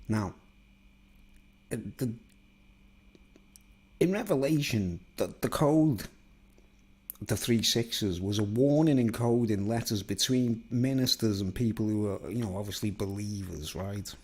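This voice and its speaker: A man's voice: fairly low pitch, unhurried, long pauses, darkish tone, breathy edge. A man delivering a digressive, conspiratorial solo monologue, constantly seeking agreement. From England. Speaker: vlogger.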